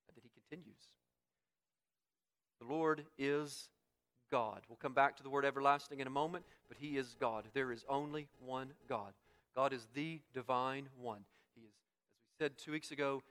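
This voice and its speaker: A man preaching an expository sermon, building to loud emphatic peaks and dropping back to quiet, repeating phrases for weight. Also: medium pitch, fairly even intonation, normal speed. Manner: dynamic, swells loud on key points, drops soft after. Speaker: pastor.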